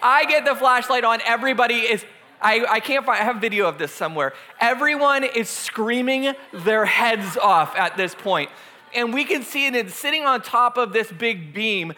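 A man in his thirties, a youth pastor telling a lively personal story in a sermon, acting out the screams as he goes. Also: extremely high pitch, normal speed. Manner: animated storyteller, acts out screams.

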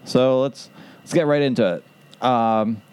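A man's voice: mid-range voice, steady tone, measured pace, darkish tone, smooth, dry recording. A man co-hosting a casual podcast, rambling through his ideas and laughing at them. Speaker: podcast co-host.

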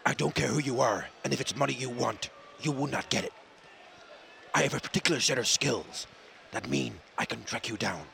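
A man voicing a cold, threatening middle-aged action hero, speaking slowly and low at a football stadium. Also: vocal fry, sharp tone, slight background noise. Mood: menacing. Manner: slow, low, menacing delivery. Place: football stadium stands, outdoors.

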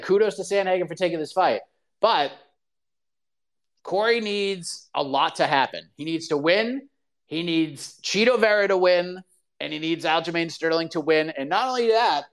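Male host, casual live chat, lively and opinionated, fairly high voice. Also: moderate pace. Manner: animated, opinionated. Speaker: show host. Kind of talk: casual talk show chat.

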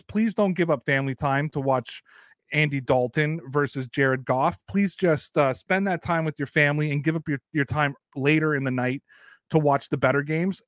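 Canadian male sports host, young adult, blunt and profane, slightly high voice. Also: dry recording, studio quality. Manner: blunt and profane, rambling opinions. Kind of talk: casual sports talk.

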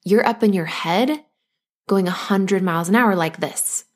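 A woman hosting a podcast as a postpartum coach, speaking gently and reassuringly to listeners, acting out anxious thoughts in quick asides. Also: mid-range voice.

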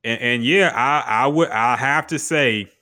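Chill guy on a podcast, bright tone, joking around, says man a lot. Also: medium pitch, measured pace. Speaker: podcast co-host. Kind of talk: casual chat.

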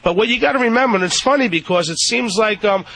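Jersey guy giving dog tips on radio, high bright voice, lots of ums. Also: gravelly, low-quality recording. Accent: New Jersey. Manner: halting, many fillers and repeats. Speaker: dog trainer on radio panel. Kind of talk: casual radio advice.

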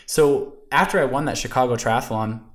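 A man speaking as a guest on a podcast, his voice sitting in an ordinary middle pitch. He tells stories from his own life in an earnest, animated, conversational way. He often fills his sentences with "you know" and "like.". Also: normal speed. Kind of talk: conversational storytelling interview.

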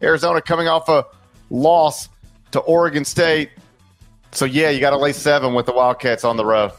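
A man's voice: fairly high pitch, moderate pace, soft background music. A man co-hosting a casual sports podcast, reading out game picks and joking with a straight face. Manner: dry, joking deadpan. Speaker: podcast co-host.

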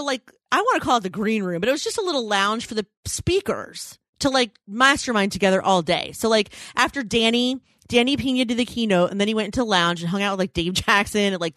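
A woman in her thirties co-hosting a podcast, telling a rambling story in casual chat, full of "like" fillers and quick self-corrections. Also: medium pitch, lively intonation, fairly bright tone, no echo. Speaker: podcast co-host.

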